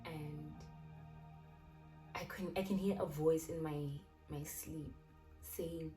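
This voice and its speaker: A young South African woman telling a personal story in a chatty, animated way, often restarting her sentences. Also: lowish voice, slow. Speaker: YouTuber. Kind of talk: casual storytelling. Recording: distant mic with loud background music.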